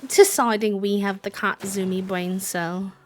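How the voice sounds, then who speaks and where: A young woman streaming a life-sim game, chatting casually and bubbly, thanking viewers and sometimes dropping to a soft whisper. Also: medium pitch, steady tone, unhurried. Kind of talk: casual live-stream chat while gaming.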